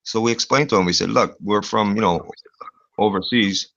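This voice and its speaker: In a lowish, gravelly voice at normal speed, a man animatedly recounts a rowdy anecdote in casual chat, cursing often and leaning on fillers like "uh" and "you know." The dull, lo-fi recording is dry, with no echo.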